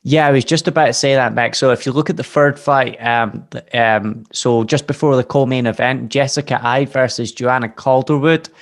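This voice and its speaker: A man's voice: medium pitch, steady tone, moderate pace, hardly any pauses. Young Scottish male co-host, eager, chatty, mid-range voice, lots of fillers. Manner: enthusiastic, filler-heavy. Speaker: podcast co-host. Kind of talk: casual chat.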